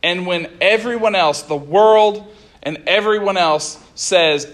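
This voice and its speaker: A man preaching a sermon, reading scripture and retelling it in a conversational, animated way with casual asides. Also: high-pitched, slow.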